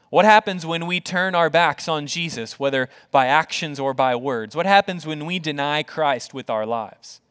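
A male pastor with a fairly high, clear, resonant voice preaches earnestly and conversationally, using rhetorical questions and repeated words, and softens to a quiet voice at tender moments.

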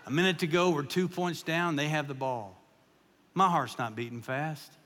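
Guy in his 50s preaching, high bright voice, folksy jokes, big echoey church. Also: moderate pace, slight background noise. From Kentucky. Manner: folksy, joking, animated storytelling. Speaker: guest preacher. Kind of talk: humorous sermon storytelling. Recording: long echo of a large hall.

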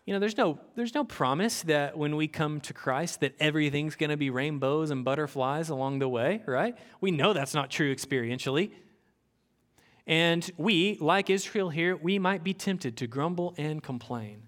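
A man preaching a sermon in an earnest, conversational way, often repeating words and pausing with fillers. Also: a little high, a bit bright, big-room sound. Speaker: pastor. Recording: music playing clearly behind the voice.

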